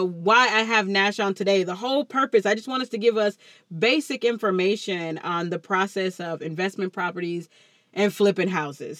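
A woman's voice: medium pitch, no echo. Chatty Texan woman podcast host. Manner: lively, chatty, uses Southern Black vernacular. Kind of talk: casual podcast chat.

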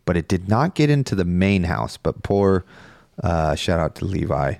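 A man with a low voice tells a long story in an easygoing, rambling way, swearing now and then. The sound is dry and close to the mic, with no room around it. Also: sing-song, moderate pace, creaky, a little mellow, no room sound. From Northern California. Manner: rambling storyteller, laid-back and profane. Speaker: podcast co-host. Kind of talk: casual chat.

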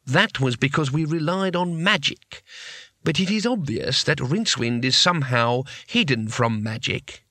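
A man reading an audiobook, voicing a calm, decisive senior male wizard who speaks firmly. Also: mid-range voice, moderate pace, dry recording. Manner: calm, firm.

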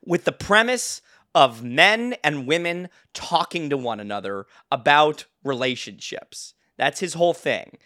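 A young podcast co-host with a bright, ringing voice and a slightly high pitch, telling a long story in loose, casual chat. He laughs often and keeps starting his sentences over. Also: expressive, unhurried. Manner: rambling, laughs often, many restarts.

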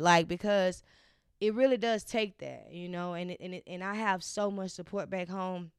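Smooth-voiced young woman podcast host. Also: on the low side, normal speed, no room sound, clean studio sound. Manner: heartfelt, chatty, many fillers and restarts. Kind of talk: casual solo podcast chat.

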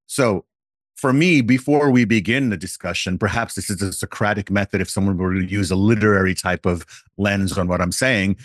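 Low-voiced man explaining things carefully. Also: no room sound, clean studio sound. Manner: deliberate, explains with playful hypothetical examples. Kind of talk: conversational podcast chat.

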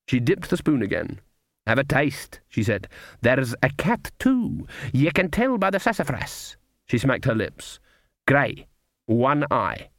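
A man voicing a grim, knowing voodoo cook woman who speaks in a slow, drawling, rolling growl. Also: medium pitch, no room sound, clean studio sound.

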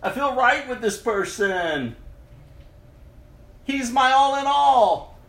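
High-voiced man giving a slow, emotional testimony. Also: lively intonation, vocal fry, reverberant. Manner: dramatic, swings between loud outbursts and hushed tones. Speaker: speaker giving a personal testimony.

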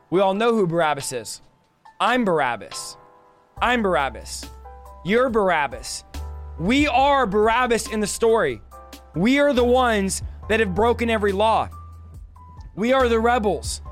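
A man preaching a sermon with an impassioned, repetitive cadence. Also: high voice.

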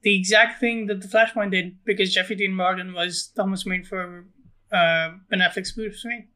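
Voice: medium pitch, fairly even intonation, moderate pace, pushed and bright. A podcast co-host who asks the questions in brief, casual chat.

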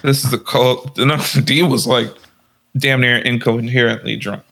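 A young man with a gravelly, creaky voice spins a crude, rambling anecdote in a casual chat. His pitch sits in the middle range, and he keeps laughing at his own tale. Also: fairly even intonation, unhurried, a bit bright. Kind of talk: casual storytelling.

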